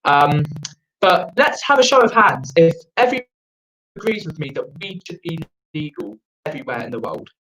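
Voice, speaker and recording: Young South African-born comic over a video call, sweary ranting delivery, pitch leaping all over. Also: male voice, very animated, moderate pace, fairly bright tone, slight background noise, rough recording. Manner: profane, rambling, ranting. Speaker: stand-up comedian. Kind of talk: online open-mic stand-up. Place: friend's house, indoors.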